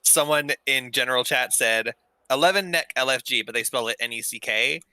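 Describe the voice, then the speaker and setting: A man's voice: medium pitch, fairly quick, sharp tone, dry recording, poor audio. A man chatting casually with friends while playing an online game, explaining game mechanics and laughing often. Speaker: player in an online game group. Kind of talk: casual voice chat while gaming.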